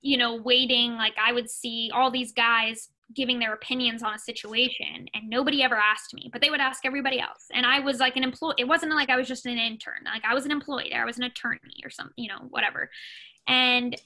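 On a rough recording, a young woman talks fast in a slightly high, steady voice with a bright, forceful tone. She's a sports agent guesting on a podcast, giving casual interview answers packed with "you know" and "like."

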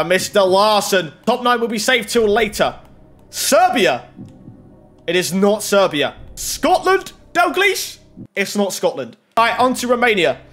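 A young man giving casual running commentary while opening game packs. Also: high voice. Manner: running commentary, rising to excited shouts. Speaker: FIFA pack-opening YouTuber.

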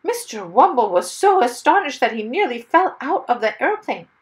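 A woman reading a children's story aloud with expressive, lively storytelling. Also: sits high, moderate pace, rough recording. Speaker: storybook reader.

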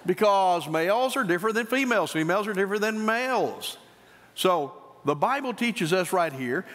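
A male pastor preaching a sermon, swinging between emphatic high points and quieter asides. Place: church sanctuary. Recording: church hall reverb.

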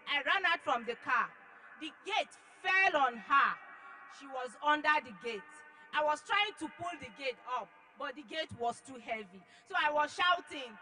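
Woman telling her church testimony all dramatic, high bright voice, soft music underneath. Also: lively intonation, normal speed, poor audio. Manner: dramatic, reenacts her shouts, drops to hushed tones. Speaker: testimony giver.

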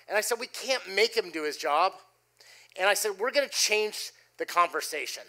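A middle-aged man preaching a sermon, telling a personal story with animated delivery and dropping his voice low for quoted lines. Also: moderate pace. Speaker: pastor. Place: church stage before a congregation.

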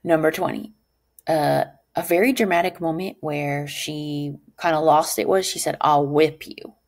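A woman teacher talking her class through a lesson in an animated way. She keeps checking in with a rhetorical "right?". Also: normal speed. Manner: acts out quoted lines with sudden pitch jumps.

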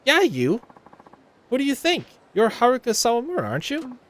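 A man's voice: very high-pitched, wildly swooping pitch, moderate pace, a bit bright, pitched above the performer's own voice, full character voice. A man voicing a snooty, boastful young female idol rival while reading video game dialogue aloud. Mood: haughty. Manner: haughty, boastful, whiny.

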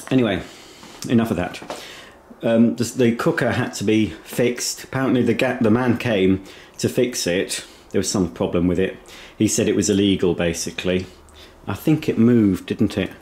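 A low-voiced man rambles through a casual home tour, chatting while he snacks. He talks into a handheld camera indoors, and a faint hiss sits under the voice. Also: moderate pace, a little mellow. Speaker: vlogger. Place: inside a house.

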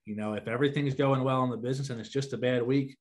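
A man's voice: medium pitch, fairly even intonation, fast. A man hosting a podcast, explaining steadily and steering the conversation. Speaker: podcast host. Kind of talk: casual podcast talk.

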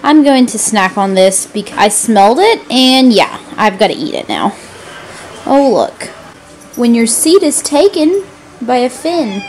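Lively high-voiced woman vlogger. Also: slow pace, long pauses, a little hiss or hum, rough recording. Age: 20s. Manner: chatty, playful, teasing her pets. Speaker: lifestyle vlogger. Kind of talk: casual vlog narration.

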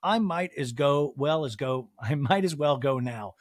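A man's voice: fairly high pitch, a little slow, no echo, studio quality. A man hosting a podcast, recapping a reality show in a gossipy, joking way. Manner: gossipy, animated, giggling asides. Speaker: podcast host.

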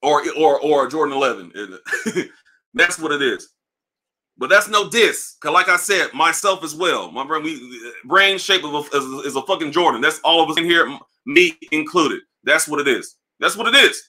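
A man hosting a livestream, ranting in a casual, profane way, animated and repeating himself. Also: a little high, normal speed. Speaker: livestream host. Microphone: livestream mic.

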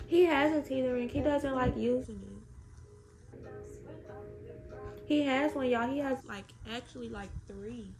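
A woman's voice: high-pitched, a little slow, gravelly, long pauses, over music, low-quality recording. A young mother chatting on a phone livestream, talking to her baby in a playful sing-song and repeating words.

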